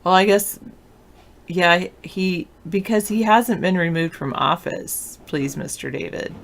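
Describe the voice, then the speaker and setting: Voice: mid-range voice, unhurried, gravelly, fairly bright tone, a little hiss or hum. A teacher hosting a political talk show, chatting in a loose, offhand and sleepy way while answering viewer comments. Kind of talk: casual chat, reading and answering viewer comments.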